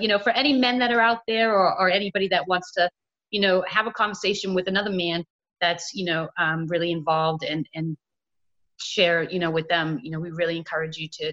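A woman's voice: lowish voice, a bit bright, lo-fi sound. A woman hosting a casual podcast interview, rambling with lots of "you know" fillers. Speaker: podcast host.

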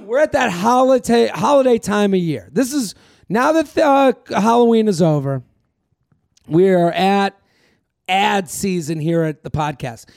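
A comedian hosting his podcast in a high, gravelly voice. He rambles through casual chat, cracks crude jokes and plugs his shows. The sound is dry and close. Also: darkish tone, dry recording. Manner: rambling, crude joking, self-promoting.

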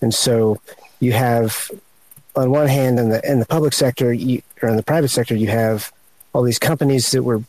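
Man, mid pitch, dry close sound, slow panel guest pausing to find words. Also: a little mellow, dry recording, low-quality recording. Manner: slow, searching for words, many pauses. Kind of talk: unscripted panel talk.

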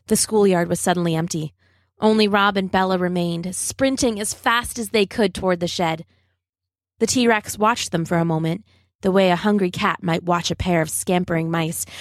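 A woman reading a children's adventure story aloud, steady and dramatic. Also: medium pitch, no room sound.

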